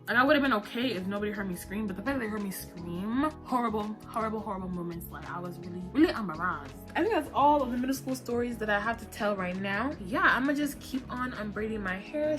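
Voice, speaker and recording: Young woman, chatty home storytelling, bright voice, faint music under. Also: fairly high pitch. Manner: chatty, slangy, animated retelling. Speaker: vlogger. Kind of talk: casual storytelling while unbraiding hair.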